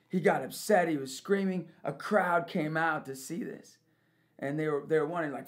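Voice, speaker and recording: A youth leader shares a personal testimony about forgiveness, speaking at normal speed in a fairly high voice with vocal fry. His storytelling is lively, swinging from loud to hushed and breaking into laughter.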